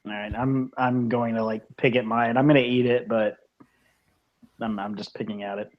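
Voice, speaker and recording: A man's voice: mid-range voice, moderate pace, lo-fi sound. A man who is a player in a tabletop role-playing game, chatting casually and complaining in a playful, mocking way. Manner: lively, mock-complaining. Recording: clicking noise in background.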